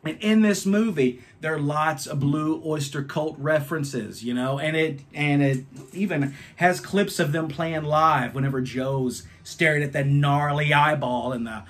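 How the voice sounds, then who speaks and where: A man's voice: fairly high pitch, a little slow, fairly bright tone. A man in his thirties reviewing albums, telling a rambling, profane story in a casual vlog.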